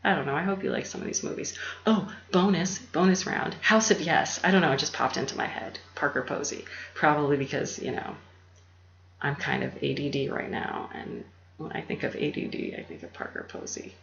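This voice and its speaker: A woman hosting her own channel, rambling in a soft, half-whispered, meandering way and laughing often, recorded on a laptop. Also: deep voice, brisk, vocal fry. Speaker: YouTube channel host. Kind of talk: rambling casual monologue. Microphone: laptop mic. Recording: roomy, dull lo-fi with faint hum.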